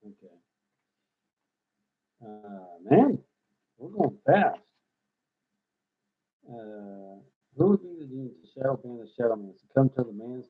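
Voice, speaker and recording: Husky-voiced man on a tinny line. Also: mid-range voice, sing-song, slow pace, pauses often. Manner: rambling, thinks aloud, mumbles asides. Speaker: host writing rhymes live. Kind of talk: casual live-stream chat.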